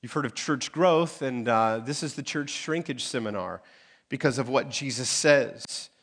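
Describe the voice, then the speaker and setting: A male pastor preaching a sermon, landing on key phrases with emphatic pauses. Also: mid-range voice, a bit bright. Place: church sanctuary.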